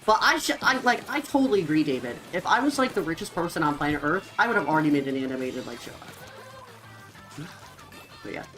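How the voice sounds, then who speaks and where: Young woman streamer rambling to chat, pitch jumps all over, soft music behind. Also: brisk, poor audio. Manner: rambling, filler-heavy, lively. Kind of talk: casual chat with viewers.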